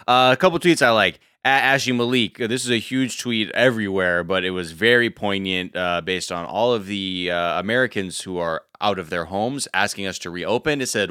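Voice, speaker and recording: Bright, crisp-voiced man in casual banter. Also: low-pitched, moderate pace, few pauses, dry recording, studio quality. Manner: loose, joking, laughs between lines. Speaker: podcast co-host. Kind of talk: casual chat.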